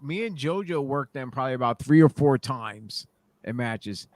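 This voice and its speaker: A man's voice: medium pitch, expressive, normal speed. A man on a podcast, chiming in eagerly in casual chat.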